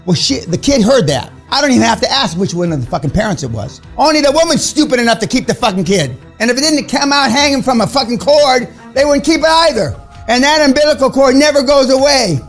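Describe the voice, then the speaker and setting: Gravelly, crude older man ranting. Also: very high voice, sing-song, quick pace, few pauses, faint music behind. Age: 70s. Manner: crude, confrontational, mocking. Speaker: business speaker. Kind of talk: blunt profane motivational rant.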